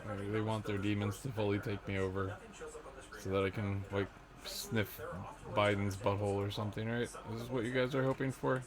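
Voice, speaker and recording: A man vlogging in a rambling casual monologue, trailing off and restarting often. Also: fairly low pitch. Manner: rambling, trailing off, frequent fillers and self-restarts. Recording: background crowd chatter.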